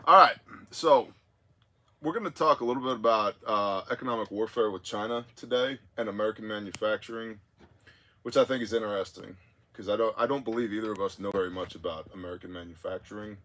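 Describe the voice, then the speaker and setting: A man's voice: on the low side, fast talker, bright, forceful tone. A man hosting a podcast in casual chat, joking with his guest and laughing often. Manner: joking, laughs often, reads listener messages aloud. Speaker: podcast host.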